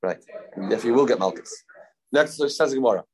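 A man teaches an informal Talmud class, thinking aloud as he goes, repeating phrases and mixing Hebrew terms into his English. His voice is medium-pitched, expressive, fast, and a little mellow.

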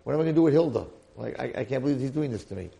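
A man's voice: medium pitch, expressive, very fast, creaky, dark tone. A man voicing a desperate young male kitchen slave who pleads and scoffs in disbelief. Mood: pleading.

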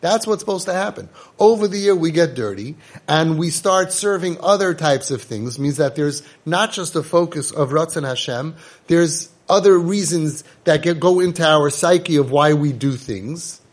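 A man giving a lively Torah lecture in English full of Hebrew terms, acting out quotes in a raised voice. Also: fairly high pitch, moderate pace. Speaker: Torah teacher.

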